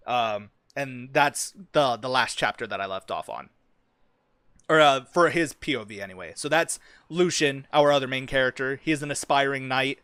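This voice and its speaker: A man's voice: medium pitch, steady tone, moderate pace, pushed and bright, dry recording. A young man streaming, chatting casually and with plenty of swearing about the fantasy story he is writing, full of ums and likes.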